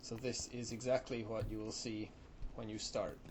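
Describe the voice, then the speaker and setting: An Irish man giving gameplay commentary in an older recorded video, earnest and trying to sound animated. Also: fairly low pitch, normal speed, slight background noise, poor audio. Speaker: gamer narrating his gameplay.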